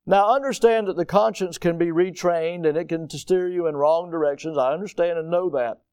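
Preacher guy giving a sermon, kinda high voice, slows way down and leans hard on the big words. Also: smooth. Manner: rising to emphatic, slowed-down stress on key words; quotes a historical statement aloud, then repeats it quietly. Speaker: pastor. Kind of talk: evening sermon.

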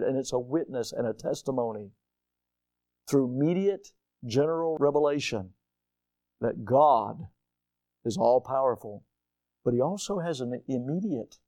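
An older man preaching a sermon as a pastor, dramatic and swinging from quiet, low lines to sudden loud, high cries for emphasis. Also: no room sound. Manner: dramatic, rising to near-shouts for emphasis.

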